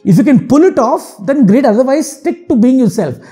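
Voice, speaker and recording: A man's voice: very high-pitched, sing-song, brisk, mellow, faint music behind. A man from India with an Indian English accent, giving frank, earnest advice to other channel makers in a monologue. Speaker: YouTube channel host.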